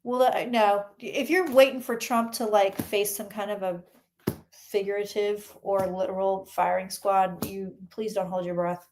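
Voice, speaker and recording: A woman's voice: mid-range voice, steady tone, unhurried, slight background noise. A woman, a psychic reader, chatting through a live-streamed tarot reading and answering questions from the chat.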